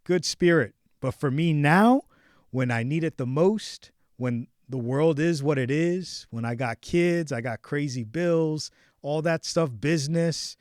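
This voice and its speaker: A man in his forties hosting a podcast, telling a personal story in a casual chat with animated swings between hushed and loud. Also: on the high side, measured pace, dry recording, clean studio sound. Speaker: podcast host.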